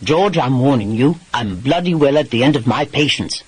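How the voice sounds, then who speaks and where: A man doing a gruff English lord. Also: medium pitch, animated, normal speed, poor audio. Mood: exasperated. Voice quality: dry, exasperated, swears mildly. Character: gruff English lord, former pirate husband.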